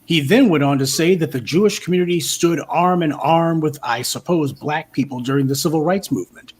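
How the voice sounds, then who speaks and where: A man delivering scripted political commentary in a steady, argumentative and lightly sarcastic way. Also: on the high side, fairly quick.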